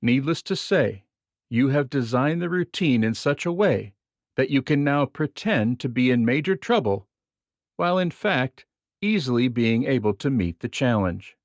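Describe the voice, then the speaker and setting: Expressive male reader, lively intonation. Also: medium pitch, unhurried, dry recording, studio quality. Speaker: reader of a magic theory book. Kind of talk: reading nonfiction aloud.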